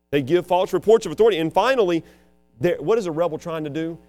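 A preacher who also teaches school, delivering a dramatic sermon, swinging between loud emphasis and hushed asides. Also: male voice, a little high, fast, soft background music.

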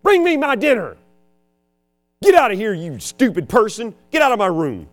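A woman's voice: a little high, wildly swooping pitch, moderate pace, soft background music, pitched above the performer's own voice. A man acting out a bratty teenage girl, shrieking rude demands at her parents. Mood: screaming.

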